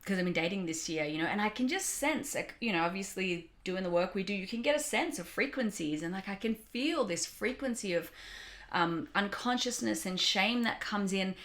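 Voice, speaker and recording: A woman's voice: medium pitch, expressive, normal speed, fairly bright tone. A young adult woman co-hosting a podcast, talking candidly and reflectively in casual chat. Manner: candid, reflective, laughs often. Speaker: podcast co-host.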